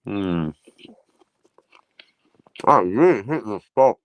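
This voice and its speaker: A man's voice: fairly low pitch, animated, extremely slow, clean tone, no room sound. A man hosting a casual livestream, talking in a sardonic, sweary way and slipping into mock announcer asides. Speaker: livestream host.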